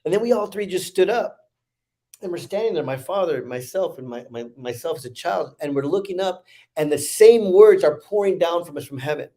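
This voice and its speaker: A man's voice: on the high side, expressive, brisk, dark tone. Earnest man telling a heartfelt story. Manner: earnest, repeats phrases. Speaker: podcast guest. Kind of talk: emotional storytelling.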